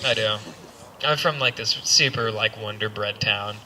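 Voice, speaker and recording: A man's voice: lowish voice, normal speed, pushed and bright. A young man doing stand-up in a rambling, self-deprecating way, full of stumbling restarts. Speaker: stand-up comedian. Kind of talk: stand-up set. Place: comedy club stage.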